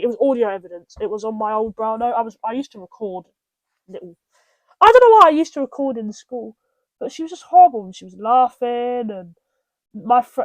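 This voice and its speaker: A woman's voice: a little high, no room sound. A young British woman hosting a podcast, telling personal stories in a rambling way, full of restarts and asides. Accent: British English. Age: young adult. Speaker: podcast host. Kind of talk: casual personal storytelling.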